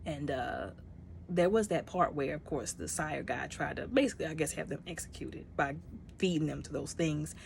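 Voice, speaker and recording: A woman casually reviewing a movie, retelling scenes with lively, acted-out character lines. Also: sits low, normal speed, gravelly, a little hiss or hum.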